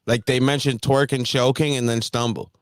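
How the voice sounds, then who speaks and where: A man hosting a casual livestream chat, animated and laughing often as he talks. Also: mid-range voice, normal speed, no echo, clean studio sound. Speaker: host.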